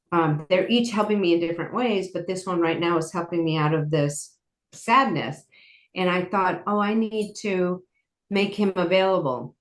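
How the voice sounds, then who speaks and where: A woman guest telling personal stories in an earnest, rambling way, often saying "like.". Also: lowish voice. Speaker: guest, horse program founder. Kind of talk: personal storytelling in interview. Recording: roomy echo.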